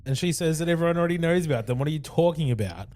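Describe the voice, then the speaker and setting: A man's voice: a little high, animated, racing, darkish tone. A man co-hosting a podcast, recapping an episode at length in casual chat and acting out quoted lines. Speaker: podcast co-host.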